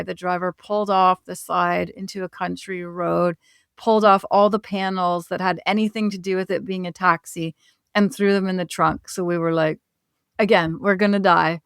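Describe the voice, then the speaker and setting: A woman's voice: on the low side, smooth, no room sound, clean studio sound. A woman, a travel author and podcast guest, telling a travel story in a conversational way, laughing now and then. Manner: animated, laughs while telling stories.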